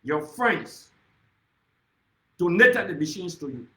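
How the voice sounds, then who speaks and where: A high-pitched, bright-toned man with a Liberian accent delivers a fiery political speech. He hammers his accusations home and keeps calling his opponent by name. His voice rings out in a reverberant room. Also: very animated, slow pace. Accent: Liberian English. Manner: accusatory, repeatedly addressing his target by name. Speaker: political speaker.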